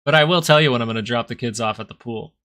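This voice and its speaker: A man's voice: mid-range voice, quick pace, bright, forceful tone, clean tone, dry recording, clean studio sound. A man hosting a casual stock market live stream, playful and joking as he answers viewer questions. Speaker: stock market livestream host. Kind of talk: casual live-stream chat about trading.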